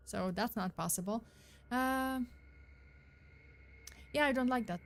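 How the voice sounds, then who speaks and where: A woman's voice: fairly high pitch, slow. A woman streamer casually commenting on videos, rambling with many fillers and self-corrections. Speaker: streamer host.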